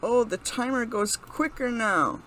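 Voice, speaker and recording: A woman's voice: fairly high pitch, lively intonation, measured pace, a bit bright, slight background noise, rough recording. A woman hosting her gaming channel, casually commenting as she plays, reading commands aloud, laughing and exclaiming. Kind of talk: casual let's-play commentary.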